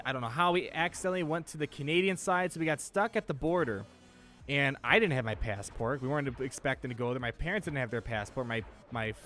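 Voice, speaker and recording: A young man co-hosting a casual gaming chat, jokey and rambling, quick to laugh. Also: mid-range voice, fairly bright tone. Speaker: podcast co-host.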